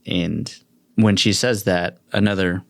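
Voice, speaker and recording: A man narrating a tabletop fantasy game as game master, describing scenes in an unhurried way. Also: sits low, steady tone, gravelly, no room sound, studio quality.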